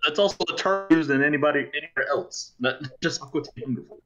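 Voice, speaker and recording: A man's voice: on the high side, quick pace, fairly bright tone, a little hiss or hum. Adult male co-host, hesitant and nitpicky, dull lo-fi recording. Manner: hesitant, pedantic, laughs often. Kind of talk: casual chat. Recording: dull lo-fi call audio.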